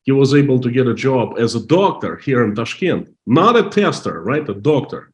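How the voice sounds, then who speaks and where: A man's voice: mid-range voice, sing-song. Russian-accented man telling an emotional story. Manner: halting, restarts often, emotional. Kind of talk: casual storytelling.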